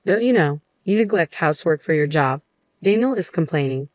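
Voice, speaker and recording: Woman doing a smug mother-in-law, taunting, mocking, low-pitched, dry. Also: expressive, fairly quick, a little mellow, no echo, highs cut off. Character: scheming mocking middle-aged mother-in-law.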